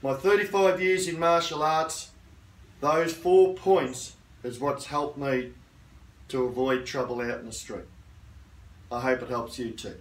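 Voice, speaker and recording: A man's voice: mid-range voice, fairly even intonation, unhurried. A middle-aged man teaching a self-defence lesson as a karate instructor, firm and assertive, often checking in with "okay?". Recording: roomy sound from a distant mic.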